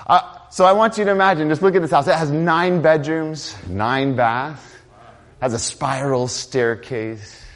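Animated man preaching a sermon. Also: a little high, unhurried. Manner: animated, conversational preaching with swings from loud to quiet. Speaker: pastor.

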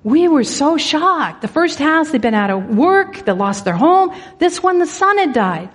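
A woman's voice: high voice, big pitch swings, unhurried, long reverb tail. A woman giving an earnest sermon, telling a church story and leading a prayer, often restarting her words. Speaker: church speaker.

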